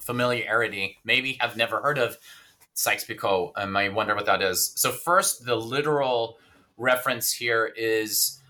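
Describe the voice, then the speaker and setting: A man's voice: fairly low pitch, pushed and bright. A man, an author and historian, explaining his book in an interview, thoughtful and hesitant with many fillers and restarts. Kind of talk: academic interview talk.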